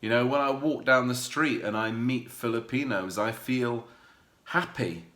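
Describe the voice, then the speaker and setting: A man's voice: medium pitch, measured pace. Guy vlogging about what he loves, chatty and rambly, ums everywhere, roomy echo. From United Kingdom. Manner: warm rambling talk with many fillers and restarts. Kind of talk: candid personal vlog.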